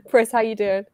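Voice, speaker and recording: A woman's voice: a little high, a little mellow, clean tone, no room sound. A woman hosting a casual live reading stream over a video call, laughing often between lines.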